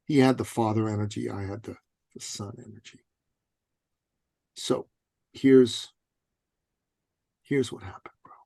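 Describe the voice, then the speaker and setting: A man's voice: fairly low pitch, fairly even intonation, a little slow, creaky, long pauses, warm tone, no echo. A man telling a story as a podcast guest, blunt and emphatic, swearing casually. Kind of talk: animated storytelling.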